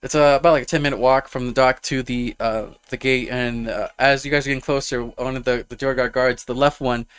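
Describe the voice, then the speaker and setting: A man's voice: medium pitch, fairly even intonation, brisk, hardly any pauses, fairly bright tone, clear, resonant tone. A man narrating a tabletop fantasy game as game master, rambling with lots of fillers. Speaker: dungeon master.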